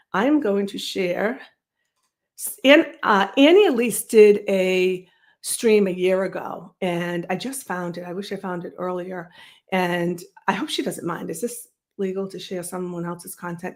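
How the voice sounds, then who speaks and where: A woman hosting her own live stream, talking casually and rambling, with frequent restarts and asides to the chat. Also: mid-range voice. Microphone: streaming setup.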